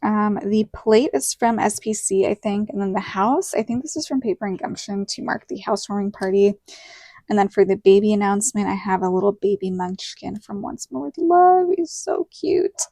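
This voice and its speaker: A woman's voice: medium pitch, brisk, creaky, dark tone, dry recording. A woman in her thirties with a Southern American accent, chatting casually and telling a story while decorating her planner, full of quoted dialogue. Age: 30s. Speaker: planner vlogger.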